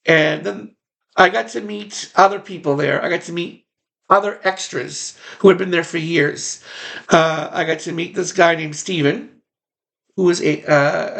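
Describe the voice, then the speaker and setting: With a gravelly, fairly bright voice on the high side, a man speaks a little slowly as he casually remembers working as a background extra. He rambles and repeats phrases for emphasis.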